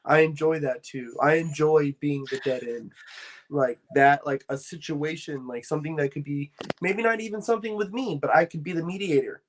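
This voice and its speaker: A laid-back man hosting a loose podcast conversation, rambling with constant "like" and "dude." His voice sits a little higher than most men's. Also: normal speed, a little hiss or hum. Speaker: podcast host. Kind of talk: casual podcast chat.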